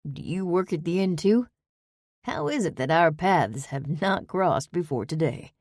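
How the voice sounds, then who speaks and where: A woman voicing a charming, laid-back male chef with a slow, courtly Southern drawl in an audiobook. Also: deep voice, animated, darkish tone, no echo, studio quality. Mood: easy charm. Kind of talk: audiobook character voice.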